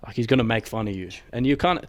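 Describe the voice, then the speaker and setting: A young man as a podcast guest in casual chat, agreeable and quick to back up what's said. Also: medium pitch, lively intonation, a little hiss or hum. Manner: agreeable, backs up the other speaker with short replies.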